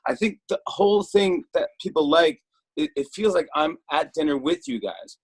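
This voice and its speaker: A man's voice: a little high, moderate pace, husky. A man hosting a talk show, asking eager, rambling questions.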